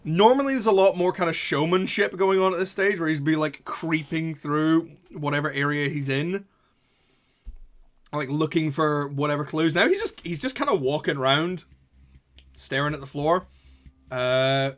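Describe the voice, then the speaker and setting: A man's voice: fairly high pitch, normal speed. A man narrating and running a tabletop game, casual and swearing often. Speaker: game master.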